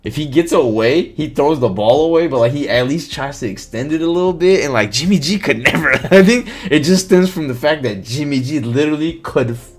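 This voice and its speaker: Animated man talking football on stream. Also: on the high side, brisk. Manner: animated, swears, reads chat comments aloud. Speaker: live stream host. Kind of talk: casual sports talk on a live stream.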